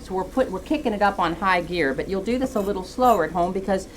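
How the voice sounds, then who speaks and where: A woman's voice: mid-range voice, expressive, fast, a little hiss or hum. A woman guest chef giving a chatty cooking demonstration in a TV studio kitchen, explaining each step as she goes.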